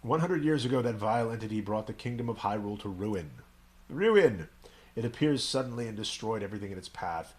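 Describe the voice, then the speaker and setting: A man's voice: lowish voice, animated, brisk, close to an everyday voice. A man voicing a mysterious old hermit, reading the lines in a lofty, dramatic way. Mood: solemn. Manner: reads the game lines in an elevated, dramatic voice.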